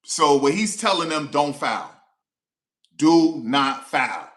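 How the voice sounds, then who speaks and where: A man hosting a live watch-along stream, reacting to the game with animated, slangy outbursts. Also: on the high side, takes it slowly, roomy sound. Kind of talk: excitable live reaction commentary.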